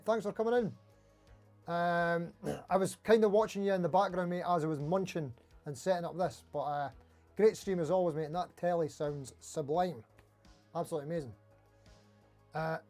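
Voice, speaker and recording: On a relaxed guitar livestream, a middle-aged host from Dundee, Scotland, reads out viewer comments and answers them in a fast, broad Scottish accent. His voice is high but warm and soft-edged, and he's chatty throughout, with faint music in the background.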